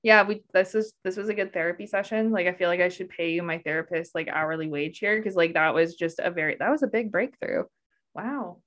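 A woman's voice: lowish voice, brisk, a bit bright. A woman guesting on a podcast, speaking in an earnest, reflective way, with lots of "like" fillers. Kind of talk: casual conversation.

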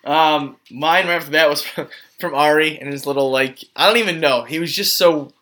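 A man's voice: fairly high pitch, normal speed. A man co-hosting a podcast in casual chat, laughing often as he talks. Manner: giggly, relaxed, trailing off into laughs. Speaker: podcast co-host.

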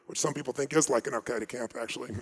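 A man giving a live motivational seminar, telling stories with emphatic delivery that swings between loud and hushed. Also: mid-range voice, steady tone, quick pace, husky. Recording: long hall reverb.

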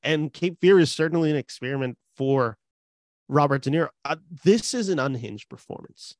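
A young man in casual film discussion, animated and rambling with many fillers. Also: fairly high pitch, moderate pace, no echo, clean studio sound. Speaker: film podcast co-host.

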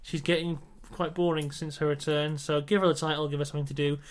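A man hosting a casual wrestling-predictions podcast, brisk and teasing with his co-host. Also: fairly high pitch, flat delivery.

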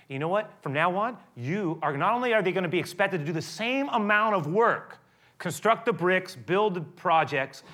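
A preacher with a bright, sharp voice pitched a little above average for a man. He drives his sermon along energetically and dramatizes the text as he reads. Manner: animated storytelling, acting out scripture. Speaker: pastor.

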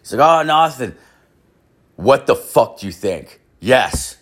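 A man's voice: on the low side, lively intonation, measured pace, breathy edge. Foul-mouthed man ranting a story. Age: 30s. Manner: swearing constantly, rambling, exasperated. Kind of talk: profane comic storytelling rant.

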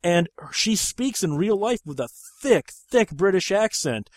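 A man's voice: high voice, very animated, a little slow, dry recording, clean studio sound. A man hosting a podcast, chatting casually about movies, rambling and swearing freely. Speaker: podcast host.

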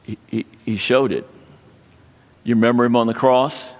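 A man preaching a sermon, telling a personal story in a halting way with frequent restarts. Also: medium pitch, steady tone. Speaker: pastor. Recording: long hall reverb.

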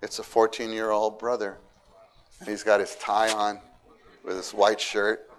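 A man giving a sermon, animated, swinging between quiet asides and loud, emphatic lines, and acting out quoted people. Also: on the low side, measured pace, slight background noise. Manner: acts out quoted people in raised voices. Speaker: church speaker.

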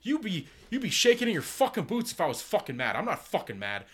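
Sketch bit: a man putting on an irate, cursing shopper, way higher and strained. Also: huge pitch swings, quick pace, slightly rough, heavily acted. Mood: furious. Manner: shouting, swearing. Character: furious yelling male customer, denies being angry.

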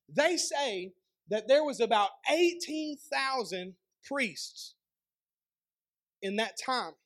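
Man, pastor, East Tennessee accent, very high voice, chatty sermon, rhetorical questions, joking asides. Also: a bit bright. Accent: Southern US, East Tennessee.

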